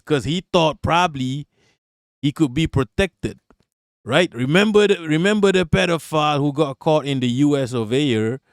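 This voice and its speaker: A man's voice: on the high side, no echo, studio quality. Profane sarcastic man on a live stream. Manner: profane, sarcastic, talks to chat. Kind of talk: casual live-stream commentary.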